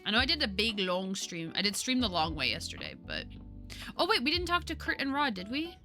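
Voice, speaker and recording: A woman streamer chatting casually over a game, excitable and laughing often as she reacts. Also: medium pitch, brisk, soft background music. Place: home streaming setup.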